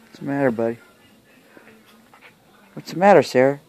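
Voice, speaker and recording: A woman's voice: very deep voice, animated, moderate pace, background noise. A woman whispering and coaxing, home video. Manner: hushed, often whispering asides, then coaxing baby talk to the dog. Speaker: pet owner filming her dog. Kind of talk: casual home video narration.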